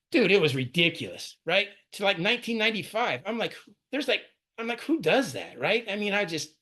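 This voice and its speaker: Middle-aged guy spilling his story quick, bright forceful voice, keeps going "right?". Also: fairly high pitch. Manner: storytelling, candid, frequent "right?" asides. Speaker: speaker sharing recovery story. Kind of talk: recorded twelve-step share.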